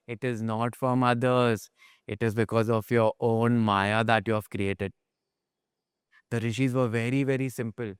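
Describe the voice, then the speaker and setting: An animated male teacher tells stories in a class, swinging between hushed asides and excited bursts. His voice is smooth and clear, recorded dry and close with no room sound. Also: medium pitch, no room sound. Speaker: spiritual teacher. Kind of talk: informal spiritual class talk.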